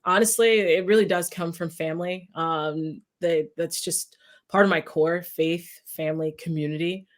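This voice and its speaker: A young woman from New York, a guest giving earnest, measured interview answers. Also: fairly low pitch, fairly even intonation. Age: young adult.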